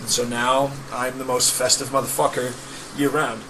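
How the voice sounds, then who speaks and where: A man hosting a podcast, telling an animated story in casual chat and swearing freely. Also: mid-range voice, normal speed, background noise. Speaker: podcast host.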